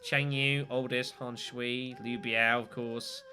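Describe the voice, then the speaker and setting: A man hosting a casual video game let's play, chatting in a lively way and swearing freely. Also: medium pitch, takes it slowly. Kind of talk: casual gameplay commentary. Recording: game music behind. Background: game music.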